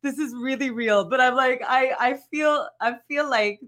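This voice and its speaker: A woman who works as a stand-up comedian, chatting casually on a podcast, animated and laughing often as she tells rambling stories. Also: high-pitched, moderate pace.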